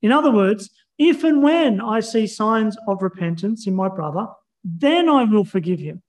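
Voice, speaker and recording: Man, preacher, high-pitched voice, measured earnest sermon delivery. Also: animated, low-quality recording. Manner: earnest, measured teaching with scripture readings.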